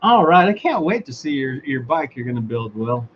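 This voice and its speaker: A man's voice: medium pitch, very animated, moderate pace. Sarcastic man, lo-fi chatter. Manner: sarcastic, laughs often, swears freely. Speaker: host of a motorized bicycle talk show. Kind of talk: casual solo chat. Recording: dull lo-fi sound with faint background noise.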